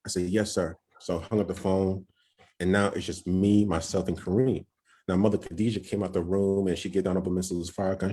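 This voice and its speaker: A young man telling a personal story on a podcast, excited and nervous, acting out what others said and checking in with "right?". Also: sits low, a little fast, breathy edge. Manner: excited, acts out quoted voices, frequent "right?". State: nervous, shaking. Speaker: podcast guest. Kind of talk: storytelling testimony.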